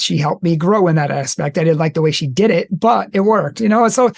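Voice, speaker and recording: Gravelly, earnest male host. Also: a little high, brisk, few pauses, darkish tone, dry recording, studio quality. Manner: earnest, talks things through at length. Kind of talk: casual conversation.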